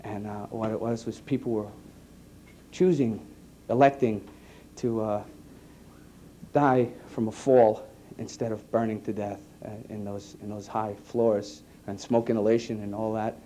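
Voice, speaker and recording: A man, an EMT giving an earnest personal testimony to an audience, halting and repeating his words. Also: on the low side, steady tone, dark tone, a little hiss or hum. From New York. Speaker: EMT speaking to a conference.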